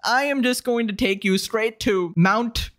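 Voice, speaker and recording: A young man with a rather high voice delivers a sarcastic reaction rant, piling on over-the-top insults. His mocking commentary runs in a quick, exasperated flow. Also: fairly bright tone, soft background music. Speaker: commentary YouTuber.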